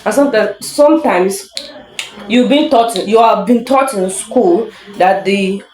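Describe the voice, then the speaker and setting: A woman teaching English in a casual online lesson, chatty, laughing often and reading examples slowly for emphasis. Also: mid-range voice, darkish tone. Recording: echoey room.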